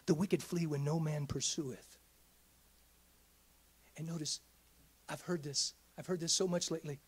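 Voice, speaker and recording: Husky-voiced preaching pastor, hush to shout. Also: male voice, fairly high pitch, fairly even intonation, measured pace. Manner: preaching with big swings from hushed whispers to shouts. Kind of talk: sermon. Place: church.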